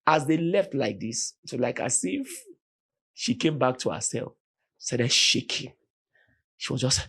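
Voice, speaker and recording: A Nigerian man, a podcast guest, telling a story with animated, vivid retelling and voiced quotes. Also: medium pitch, measured pace, long pauses, slightly rough. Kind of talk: dramatic storytelling in conversation.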